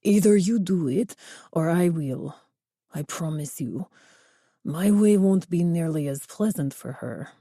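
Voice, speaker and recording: A woman's voice: fairly low pitch, expressive, a little slow, dark tone, no room sound, studio quality. A woman doing a menacing cartel boss. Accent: Spanish. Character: menacing cartel boss man, cold and threatening.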